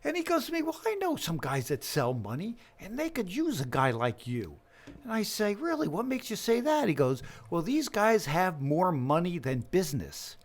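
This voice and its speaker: A man's voice: a little high, moderate pace. A middle-aged man, a business lender, talking casually in an interview and acting out the dialogue in his stories. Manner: animated storyteller acting out dialogue.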